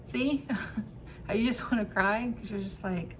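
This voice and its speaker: A woman telling a personal story to camera in a casual vlog, candid and quick to swear and laugh. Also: medium pitch, slight background noise. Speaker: vlogger.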